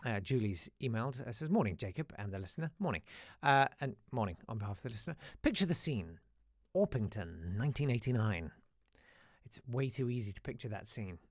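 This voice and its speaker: Lively British male podcast host. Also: mid-range voice, a little fast, no room sound, clean studio sound. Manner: animated storytelling, reading listener emails. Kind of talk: casual live podcast chat.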